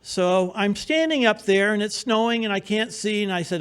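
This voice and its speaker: A man's voice: high-pitched, normal speed, a bit bright, smooth. A man telling a personal adventure story on stage at a live storytelling show, in a wry, humorous, vivid present-tense way. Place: theater stage before an audience.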